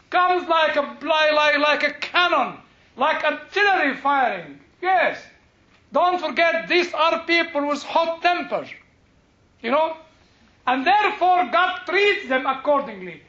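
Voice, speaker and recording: Man, bible lecturer, bright sharp tone, digressive chatty delivery, muffled recording. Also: extremely high pitch, animated, a little slow, roomy sound. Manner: chatty, digressive, peppered with "you know" and chuckles. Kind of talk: classroom lecture with audience questions. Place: lecture room with a live audience.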